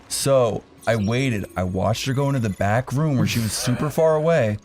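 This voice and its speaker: A young man telling a crude comic story on a podcast, animated and full of swearing. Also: medium pitch, normal speed. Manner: animated, swears a lot, acts out quotes. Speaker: podcast co-host.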